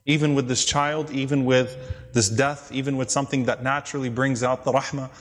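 A man's voice: medium pitch, fairly even intonation, a little fast. Man telling a sermon in a reverberant hall. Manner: retells hadith, quoting Arabic then translating. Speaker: Islamic lecturer. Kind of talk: storytelling sermon.

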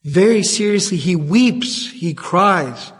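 A man's voice: high voice, expressive, slow pace, big-room sound. A man giving a religious lecture, telling a story earnestly, reciting passages and then explaining them. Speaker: Islamic lecturer.

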